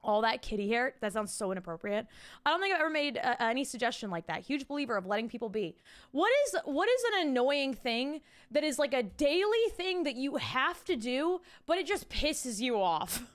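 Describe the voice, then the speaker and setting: A woman's voice: high-pitched, very animated, moderate pace, fairly bright tone. A young woman streaming from home, chatting casually with her viewers, reading chat aloud and swearing freely into a desk mic with a pop filter.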